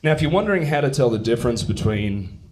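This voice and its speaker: A man's voice: medium pitch, very animated, fast, a little hiss or hum. A young man from England and California doing a brash, profane, self-mocking stand-up set with crowd work. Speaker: stand-up comedian. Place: theater stage before a laughing audience. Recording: live show with loud crowd laughter.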